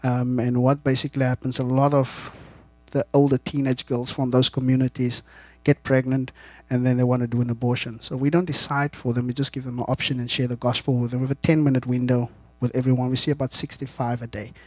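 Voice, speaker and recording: A man's voice: medium pitch, level tone, fast, hardly any pauses, darkish tone, no echo. South african guy telling stories to a church crowd, laughs a lot, trips over his words, dry close mic. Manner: chatty, laughs often, repeats words. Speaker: guest missionary. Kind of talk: casual storytelling to a church audience.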